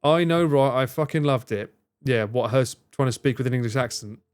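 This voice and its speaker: A man hosting a relaxed live stream, talking in a loose, rambling way. He drops casual swears and answers viewers by name as he reads their messages. His voice sits at an ordinary middle pitch. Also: a little fast, smooth. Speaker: livestreamer reading and answering chat.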